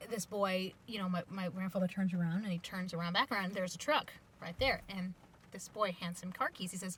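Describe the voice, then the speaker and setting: Woman storyteller, chatty and animated, bright voice. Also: mid-range voice, brisk, slight background noise, low-quality recording. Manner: chatty, many fillers, animated. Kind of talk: casual storytelling.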